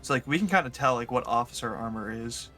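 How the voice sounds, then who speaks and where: A man's voice: mid-range voice, animated, fast, pushed and bright, soft background music. A young man playing in a tabletop game, talking hesitantly with lots of fillers. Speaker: player. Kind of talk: casual tabletop play.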